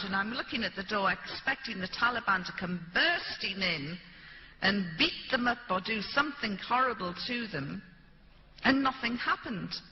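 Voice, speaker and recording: A British woman speaking to an audience, telling a first-person story and acting out the people she quotes. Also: fairly high pitch. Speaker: public speaker. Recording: dull, echoey hall recording with light hiss.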